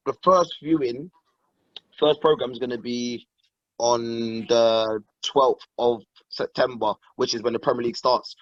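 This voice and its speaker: A young man chatting as a guest on a video call, excitable, swearing and laughing often. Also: medium pitch, no echo, highs cut off. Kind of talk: casual video call chat.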